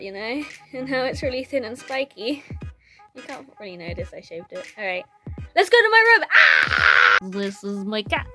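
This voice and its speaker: A woman's voice: mid-range voice, fairly bright tone. A woman, ranting to camera in a casual vlog, blunt and sweary, laughing often, recorded on a phone. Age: 20s. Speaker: vlogger.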